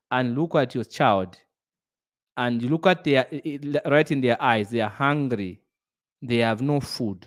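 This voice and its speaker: A middle-aged man giving a motivational business talk, earnest and preachy, repeating phrases for emphasis. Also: medium pitch. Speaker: business speaker.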